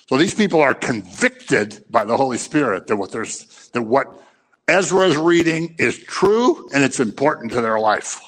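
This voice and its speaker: An impassioned male preacher scolds his congregation and acts out little scenes, his pitch swooping animatedly up and down. His lively, slightly bright voice moves at a measured pace and rings with long reverb through a large hall.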